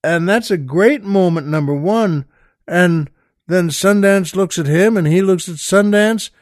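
A man's voice: high-pitched, measured pace, no echo, clean studio sound. An older man hosting his own show, retelling a favorite movie scene in a rambling, folksy way, full of "well" and "by the way" asides. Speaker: podcast host. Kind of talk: casual storytelling monologue.

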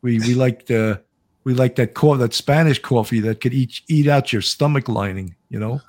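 A man's voice: mid-range voice, normal speed, a little mellow. A man from Long Island with a New York accent, a former investigator hosting a casual livestream chat and laughing easily. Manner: chatty, laughs easily, restarts sentences.

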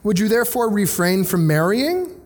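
A man preaching a sermon in a casual, conversational way, with animated paraphrases of the text he reads. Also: high voice, normal speed, big-room sound. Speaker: pastor.

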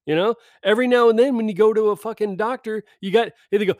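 A middle-aged man on a podcast, ranting sarcastically and swearing constantly, mocking people in high put-on voices. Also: fast, darkish tone, dry recording, studio quality. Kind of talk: profane comedic rant. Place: California.

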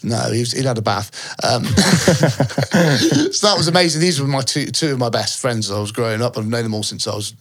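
Casual male podcast co-host from the Midlands, mid-pitched, rambling anecdotes with frequent laughs. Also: animated, moderate pace, fairly bright tone. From English Midlands. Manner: rambling storyteller, laughs often. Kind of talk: casual chat.

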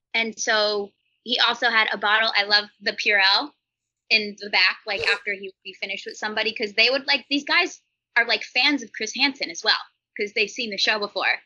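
A woman's voice: mid-range voice, pushed and bright, muffled recording. A woman in her thirties, a podcast interview guest, telling stories in a rambling, chatty way with many "like" fillers.

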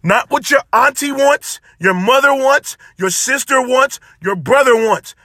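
A man hosts his solo podcast with a high, bright voice, pressing his points with passion and repeating phrases like a sermon. The sound is dry and close, with no room around it. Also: a little slow, dry recording. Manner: impassioned, preachy, repeats phrases for emphasis. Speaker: podcast host. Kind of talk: solo motivational podcast talk.

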